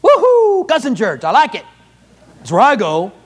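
Man doing a brash, whooping young churchgoer, high and bouncy, loud. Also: wildly swooping pitch, normal speed, full character voice. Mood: gleeful. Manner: whooping, boastful. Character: brash young male thrill-seeking churchgoer.

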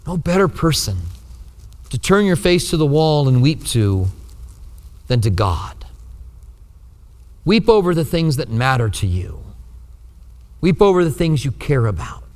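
A man's voice: on the high side, very animated, measured pace, pauses often. Earnest male pastor in a reverberant hall. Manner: earnest, swings between strong and hushed. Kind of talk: sermon.

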